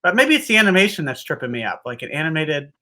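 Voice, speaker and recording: Young guy hosting sports talk, bright voice, rambles and hedges a lot. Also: on the high side, very animated, quick pace. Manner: rambling, hedging, lots of restarts. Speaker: sports talk show host.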